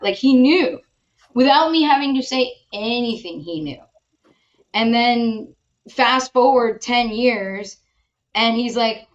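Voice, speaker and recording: Animated woman podcast host, lo-fi sound. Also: a little high, unhurried. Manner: animated storytelling, acts out quoted voices. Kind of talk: casual chat.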